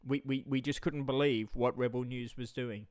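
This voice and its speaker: A man's voice: mid-range voice, steady tone, moderate pace, a little mellow, dry recording. A man ranting heatedly on a livestream, swearing and stammering through repetitions. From Australia. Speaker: live streamer. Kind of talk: angry livestream rant.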